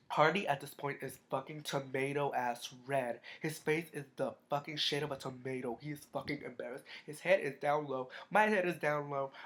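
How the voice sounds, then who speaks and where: This vlogger is a teenage boy with a somewhat high, slightly bright voice, telling a storytime in casual chat. His talk is profane and rambling, full of fillers, and his voice cracks.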